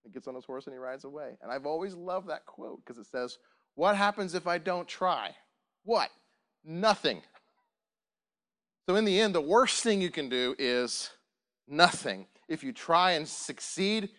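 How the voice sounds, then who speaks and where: A pastor delivering a sermon to his congregation, animated and full of rhetorical questions. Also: a little high, normal speed.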